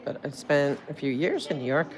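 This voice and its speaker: Woman, Jersey accent, low-pitched, rambling livestream chatter on a phone. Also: lively intonation, normal speed. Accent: New Jersey. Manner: rambling and chatty, full of "like" and restarts. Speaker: streamer. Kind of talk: casual livestream chat.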